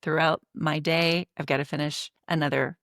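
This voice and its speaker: A woman's voice: low voice, fairly even intonation, moderate pace, fairly bright tone, dry recording, clean studio sound. A woman hosting a podcast interview, asking curious follow-up questions. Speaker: podcast host. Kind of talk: interview conversation.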